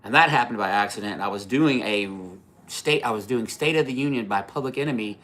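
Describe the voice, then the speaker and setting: Fairly quick and a bit bright at medium pitch, this fifty-something livestream host spins loose, profane stories, constantly restarting and filling gaps as he goes.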